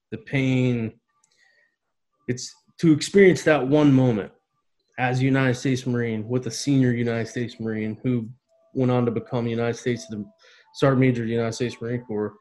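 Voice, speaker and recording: A man's voice: medium pitch, mellow, low-quality recording. A man in his thirties telling an emotional personal story in a casual conversation, earnest and heartfelt. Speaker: podcast guest.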